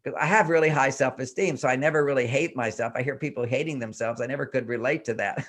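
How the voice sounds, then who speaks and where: This older man is a guest relationship expert on a talk show, talking fast in a medium-pitched, fairly bright voice. His earnest explanation is full of repeated rhetorical questions to himself, with the inner voices acted out as he goes.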